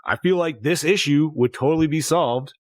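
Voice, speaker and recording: A man in his thirties hosting a casual podcast, telling animated, profanity-laced stories. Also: a little high, moderate pace, no room sound. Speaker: podcast host.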